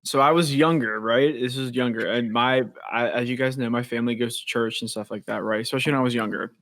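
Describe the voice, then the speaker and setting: A man's voice: medium pitch, fairly even intonation, quick pace, a bit bright, dry recording. A young man co-hosting a podcast, rambling through a story and checking in with "right?" often. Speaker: podcast co-host. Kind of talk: casual chat.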